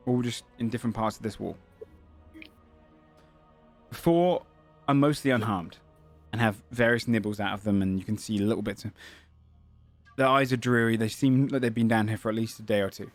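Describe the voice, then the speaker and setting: A man running a tabletop game as game master, describing scenes at length with frequent fillers and self-corrections. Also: fairly low pitch.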